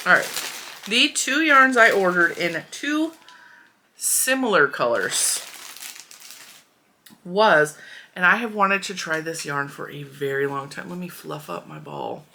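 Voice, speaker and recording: Chatty woman with a low, bright voice. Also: very animated, a little slow, gravelly, pauses often, slight background noise. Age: 40s. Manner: chatty, candid, playfully blunt. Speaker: yarn review host. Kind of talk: casual review vlog.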